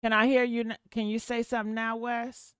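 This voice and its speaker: A woman's voice: on the high side, flat delivery, brisk, clear, resonant tone, dry recording, clean studio sound. A woman giving blunt, profane, sassy commentary on a livestream, calling her listeners honey. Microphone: desktop mic.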